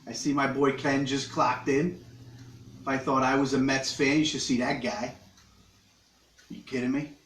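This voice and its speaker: A man rambles through a loose, joking live stream from his living room, chewing on snacks between crude wisecracks to his viewers. His voice sits at an ordinary middle pitch, and the sound bounces around an echoey room. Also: little pitch movement, moderate pace, long pauses, fairly bright tone, a little hiss or hum. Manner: joking, crude, eating while he talks. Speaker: livestream host. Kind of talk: rambling casual live chat.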